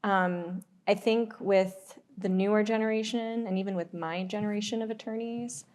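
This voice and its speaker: A woman's voice: medium pitch, fairly even intonation, moderate pace, a little mellow. A woman in her thirties, an alumni panelist, answering with careful qualifications and some restarts. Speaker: alumni panelist, privacy counsel. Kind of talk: casual panel talk.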